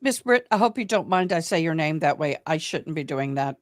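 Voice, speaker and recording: A woman's voice: low voice, lively intonation, brisk, dry recording, clean studio sound. A woman with a Tennessee accent hosting a livestream, chatting casually and thanking viewers by name between trial updates. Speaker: livestream host commenting on a trial. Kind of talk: casual live commentary.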